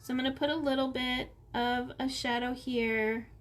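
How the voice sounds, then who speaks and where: Her voice sits high with little pitch movement, and she speaks at a moderate pace. A middle-aged art instructor in her home office, she leisurely walks viewers through a relaxed coloring tutorial step by step.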